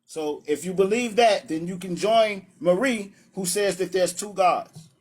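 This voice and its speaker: A man with a high voice hosts a live-streamed religious debate. He is brash and taunting, calls challengers up to speak and laughs at his own points. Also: a little slow, slightly rough.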